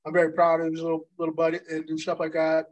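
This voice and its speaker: A man's voice: a little high, completely flat delivery, quick pace. A man in his fifties reminiscing in casual chat as a co-host, rambling with many restarts. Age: 50s. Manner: rambling, full of restarts and fillers, fond reminiscing. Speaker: podcast co-host, former pro wrestler.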